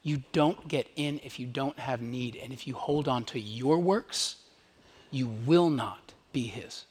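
A man, a pastor, preaching a sermon to his church congregation in a conversational, emphatic way, sometimes dropping to a hush. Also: mid-range voice, a little slow, slightly rough. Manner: conversational, emphatic, drops to hushed whispers on key lines.

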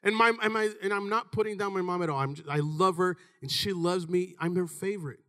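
Man, 30s, preacher, sermon, high pitch, bright forceful tone, animated, occasional shouts. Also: fairly quick, smooth. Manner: animated, shouts in bursts, calls out "Amen?" to the congregation.

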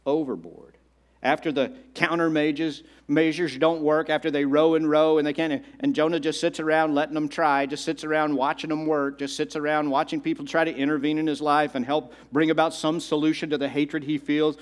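A male pastor delivering a sermon, repeating phrases and slowing down for emphasis. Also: a little high. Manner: repetitive and dramatic, slowing down for emphasis.

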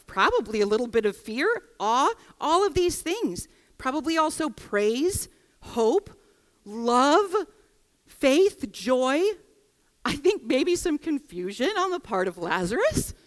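Expressive woman preaching in a reverberant hall. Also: high voice. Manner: expressive, acts out quoted voices. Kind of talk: sermon. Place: church hall.

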